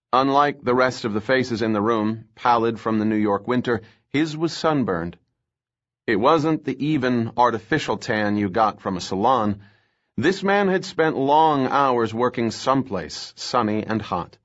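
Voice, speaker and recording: A man narrating a thriller audiobook in a steady, measured reading voice. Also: on the low side, lo-fi sound.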